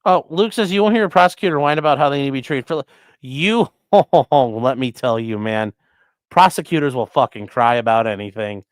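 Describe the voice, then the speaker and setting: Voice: mid-range voice, brisk, no room sound, studio quality. A defense attorney hosting a casual livestream, reading viewer chat aloud and answering in a blunt, profane way.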